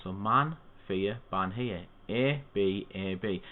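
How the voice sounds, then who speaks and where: A man tutoring students through a poem, explaining it in a steady, methodical way. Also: on the low side, slow. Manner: steady, methodical teaching with spoken asides. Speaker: English literature tutor. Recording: tinny phone-like audio.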